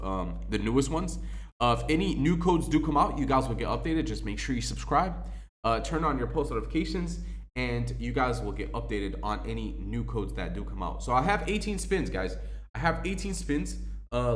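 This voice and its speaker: A young man casually testing game codes, spelling them out letter by letter, with many ums and uhs. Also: mid-range voice. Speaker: gaming YouTuber. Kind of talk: casual game code walkthrough.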